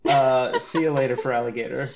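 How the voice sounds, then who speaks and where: A man co-hosting a podcast in casual chat, animated and joking, with a lot of laughing and restarts. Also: mid-range voice, normal speed, creaky, slight background noise. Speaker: podcast co-host.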